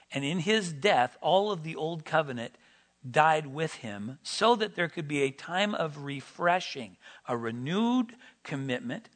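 A man preaching a sermon, rising to loud, emphatic peaks and then dropping back to quiet teaching. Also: fairly high pitch.

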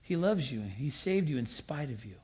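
Emphatic preacher man, husky voice. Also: medium pitch, very animated, a little fast, dull audio. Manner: emphatic, rising to loud bursts; playful asides. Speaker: pastor. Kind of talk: sermon.

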